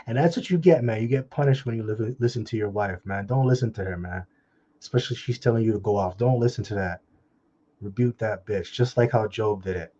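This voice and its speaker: Husky guy preaching off the cuff, blunt and scolding, dull lo-fi sound. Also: on the low side, dark tone. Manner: blunt, scolding, mocking asides; slow, drawn-out scripture reading. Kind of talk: informal scripture commentary.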